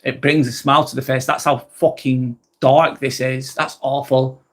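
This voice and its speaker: A man's voice: medium pitch, flat delivery, normal speed. A man hosting a live vlog, talking bluntly and expressively, swearing freely and reading out chat comments.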